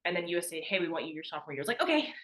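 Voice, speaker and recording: Rapid-fire and a bit bright, a deep-voiced young woman who once competed in college athletics tells casual stories as a podcast guest. On a rough recording she chats on, saying "like" frequently and voicing the people she quotes.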